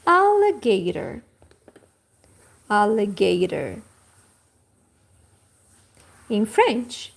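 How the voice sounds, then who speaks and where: A woman teaching a livestreamed vocabulary lesson, saying each word slowly and carefully twice and speaking. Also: high-pitched, big pitch swings. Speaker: language teacher. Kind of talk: slow repeat-after-me vocabulary lesson.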